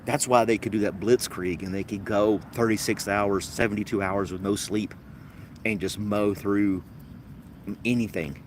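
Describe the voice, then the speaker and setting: A man's voice: lowish voice, fairly even intonation, moderate pace, a little hiss or hum. A man hosting a casual podcast chat, rambling and wry, laughing at his own jokes. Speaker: podcast host.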